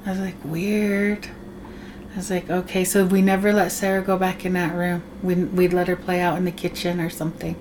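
A woman telling a ghost story on a podcast in a casual, animated way, acting out other people's lines and laughing often. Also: on the low side, fast talker, few pauses, slight background noise. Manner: animated, acts out others' voices in her tales. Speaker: podcast guest, host's wife.

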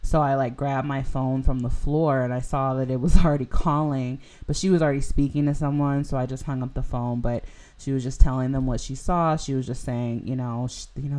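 A woman's voice: very deep voice, fairly even intonation, brisk, dark tone. A young woman hosting a podcast, telling a personal story in a casual, rambling way full of "like" and "you know". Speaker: podcast host.

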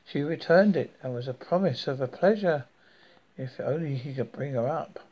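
A man hosting a horror podcast, reading a story in a slow, deliberate way. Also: medium pitch, muffled recording.

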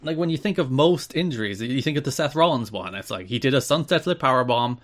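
A man's voice: mid-range voice, animated, fast talker, fairly bright tone. An Irish man co-hosting a podcast, reading wrestling news and chatting with dry, wry asides. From Ireland. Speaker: podcast co-host.

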